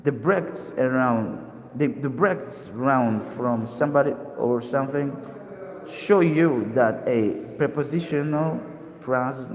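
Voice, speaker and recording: A young man from Mozambique reading dictionary entries aloud as an English lesson, slowly and carefully, restarting words now and then. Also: mid-range voice, a little mellow. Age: young adult. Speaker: English teacher. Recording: echoey room with long reverb.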